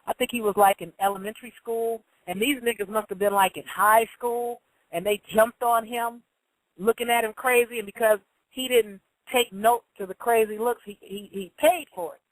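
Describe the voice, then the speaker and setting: A woman's voice: fairly high pitch, steady tone, normal speed, dry recording, rough recording. A woman hosting a casual monologue who tells stories bluntly, swears freely and acts out the voices of the people she quotes. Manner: blunt storytelling, profane.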